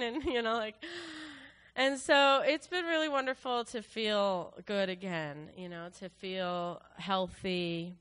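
A woman sharing a personal testimony with her congregation, speaking emotionally and haltingly with many fillers and restarts. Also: medium pitch, a bit bright, clear, resonant tone. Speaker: church worship leader.

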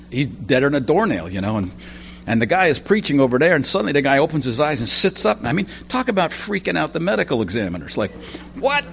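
A man's voice: on the high side, a little hiss or hum. A man preaching a sermon in a conversational way, full of asides and personal stories.

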